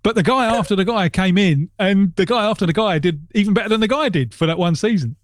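Wry man with a higher voice. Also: fast, no echo, clean studio sound. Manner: wry, rambling wordplay. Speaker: podcast panelist. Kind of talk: casual chat.

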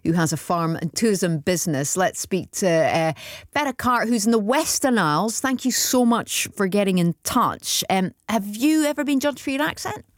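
A woman's voice: medium pitch, moderate pace, no echo, clean studio sound. A woman hosting a radio phone-in, asking callers questions with brief encouraging replies. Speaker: radio host. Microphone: studio microphone.

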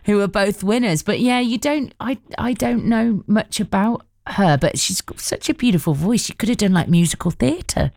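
A woman's voice: mid-range voice, normal speed, creaky, hardly any pauses, a little mellow, no echo, clean studio sound. A woman presenting a radio show in casual chat, reading out listener messages and laughing easily.

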